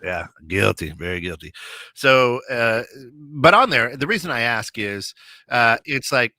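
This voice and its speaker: A man's voice: medium pitch, big pitch swings, slow pace, pushed and bright, no echo. A man co-hosting an internet radio talk show, chatting casually and telling rambling stories full of restarts and acted-out quotes. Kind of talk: casual chat.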